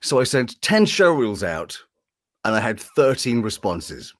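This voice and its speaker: A man with a medium-pitched, unhurried voice tells anecdotes in a relaxed interview, recorded in a clean studio with no echo. He's a voice-over artist and an animated talker, often breaking into impressions and laughing a lot.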